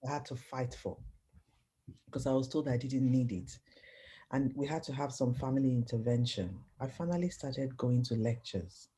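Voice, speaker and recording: A woman's voice: a bass voice, normal speed. A middle-aged woman sharing her personal story as an interview guest, telling it vividly and acting out the voices of people she quotes. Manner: expressive storytelling, acts out quoted voices, laughs often. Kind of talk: personal testimony in conversation.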